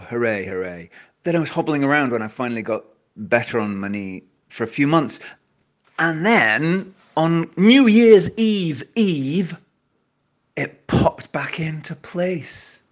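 A man with a polite Scottish accent, calling in to a show and telling a wry, upbeat story. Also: mid-range voice. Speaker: caller. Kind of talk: voice message to a show.

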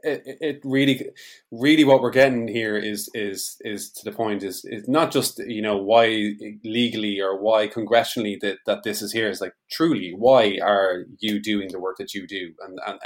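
A man with a fairly low voice hosts a podcast interview. He responds thoughtfully and affirms his guests' points as he works through his own ideas. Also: steady tone, normal speed. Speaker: podcast host.

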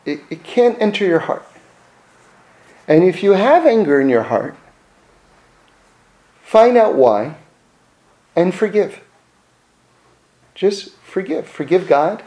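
A man's voice: high voice, sing-song, slow pace, pauses often, warm tone, low-quality recording. A man teaching in casual conversation, who repeats key phrases for emphasis and acts out the voices of the people he describes.

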